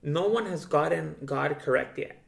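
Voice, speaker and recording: A man's voice: a little high, normal speed, gravelly. A man hosting a casual podcast chat, loose and profane, saying "dude" constantly. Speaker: podcast host. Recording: roomy echo.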